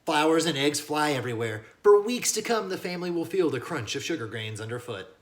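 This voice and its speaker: A man teaching as he reads a children's novel aloud, with lively asides that speak to young listeners. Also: a little high, fairly quick. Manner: animated, addresses listeners as kiddos. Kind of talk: read-aloud storybook narration with lesson asides.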